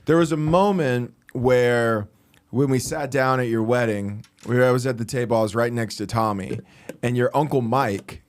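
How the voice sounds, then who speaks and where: Brief: male comedy podcast co-host with a mid-range voice, lively anecdote style. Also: mid-range voice, moderate pace. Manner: animated storyteller who acts out quoted people, often laughing. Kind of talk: casual chat.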